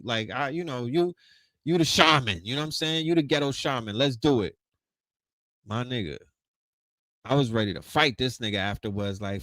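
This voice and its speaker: A man hosting an online lecture, telling stories in an animated, slangy, profane way, acting out quotes and restarting his sentences. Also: fairly high pitch, moderate pace, no echo, low-quality recording. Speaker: lecture host. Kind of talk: casual storytelling lecture.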